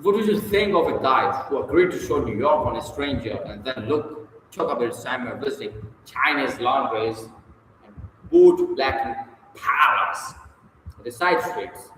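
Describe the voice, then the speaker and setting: A man reading a book on public speaking aloud, measured and stressing key words with sharp jumps in pitch. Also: lively intonation. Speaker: audiobook reader. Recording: very echoey room, long reverb, faint hiss.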